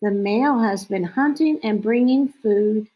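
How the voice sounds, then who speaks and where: A woman reads a nature picture book aloud as a lesson. Her voice sits a little high and she takes her time, reading slowly and clearly. She sometimes breaks into playful owl-call imitations. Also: lo-fi sound. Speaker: teacher reading to children.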